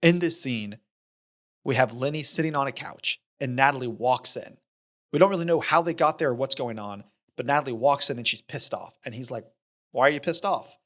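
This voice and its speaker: A man's voice: medium pitch, brisk. A young man co-hosting a podcast, animatedly retelling a film scene with lots of "like" and acted-out quotes. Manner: animated retelling, acts out character lines, frequent fillers. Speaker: podcast co-host. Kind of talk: casual film discussion.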